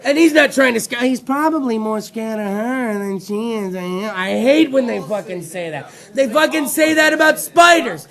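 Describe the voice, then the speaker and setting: A man with a very high voice and a gravelly, frying edge hosts a talk show. He talks in a rowdy, profane comedic rant, swearing freely and breaking into loud outbursts. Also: expressive, normal speed, few pauses.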